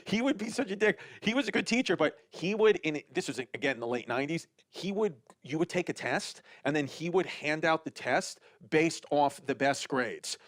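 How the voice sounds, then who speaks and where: A man's voice: on the high side, lively intonation, moderate pace, hardly any pauses, fairly bright tone, dry recording, clean studio sound. A man in his forties with a New York accent, telling playful stories with laughs on a comedy podcast. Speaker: podcast co-host. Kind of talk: casual comedy podcast storytelling.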